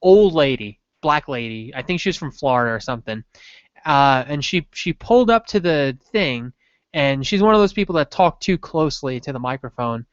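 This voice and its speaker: A podcast co-host swaps a crude, rambling story in loose, joking chat, full of filler words. The voice is mid-pitched and close to the mic. The room sounds dry, and the stream audio is dull. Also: animated, normal speed, no room sound.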